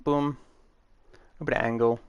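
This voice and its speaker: A man's voice: medium pitch, steady tone, moderate pace, smooth, no room sound, highs cut off. A man giving a casual, rambling tutorial, matter-of-fact and full of fillers, recorded dry on a close mic. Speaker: game tutorial maker.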